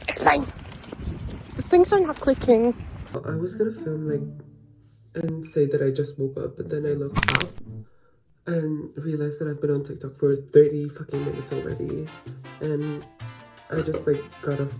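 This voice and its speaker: In a casual, chatty vlog about her week, a young woman speaks in a low, slightly mellow voice at a moderate pace, pausing often, swearing freely and giggling now and then. Music plays in the background, and the recording is rough.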